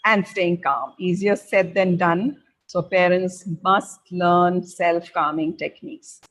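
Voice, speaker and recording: A middle-aged woman giving parents measured advice, pausing often on fillers as she explains. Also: lowish voice, a bit bright, low-quality recording. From India. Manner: measured and advisory, with frequent filler pauses. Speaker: parenting educator.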